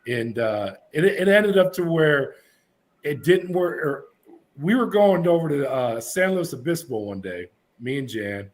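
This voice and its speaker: A middle-aged man spins a long personal story on a podcast. His voice sits a little high for a man, and he switches into different voices for the people he quotes. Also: very animated, measured pace. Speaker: podcast guest. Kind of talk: casual storytelling.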